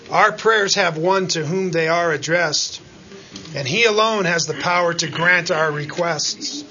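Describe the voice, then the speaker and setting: A man preaching a sermon as pastor, dropping to quiet asides and then climbing into loud, rising pleas, often calling out "Amen?" to the congregation. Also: high-pitched, takes it slowly, lo-fi sound, slight background noise.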